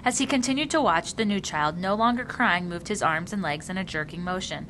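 Female audiobook reader, lower register, measured narration, slight background hum. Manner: measured, even storytelling. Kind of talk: reading a novel aloud.

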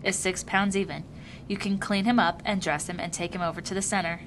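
A woman voicing a gentle grown man who cares for newborns, often in soft cooing baby-talk. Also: lowish voice, fairly even intonation, a little fast, a little hiss or hum, low-quality recording. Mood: matter-of-fact.

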